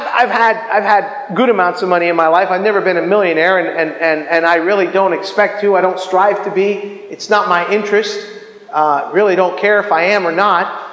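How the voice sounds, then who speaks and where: A middle-aged man preaching a chatty, animated sermon with frequent jokes and laughter, like a pastor teaching his congregation. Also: high-pitched, reverberant, long reverb tail, low-quality recording.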